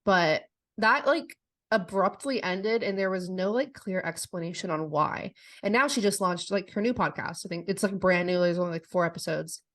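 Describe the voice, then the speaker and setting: A young woman co-hosting a podcast in casual chat. She talks in a chatty way, full of "like" fillers and quick giggles. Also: lowish voice, fairly bright tone. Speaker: podcast co-host.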